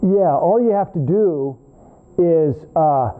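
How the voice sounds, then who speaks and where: A man's voice: a little high, lively intonation, slow pace, a little hiss or hum. A man voicing a casual, helpful gun shop clerk who explains things matter-of-factly, in a tinny, phone-like recording. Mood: offhand.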